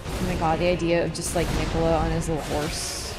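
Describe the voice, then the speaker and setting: With game music in the background, a low-pitched woman comments on her gameplay a bit quickly, her pitch barely moving. She chats casually, rants, and swears without restraint.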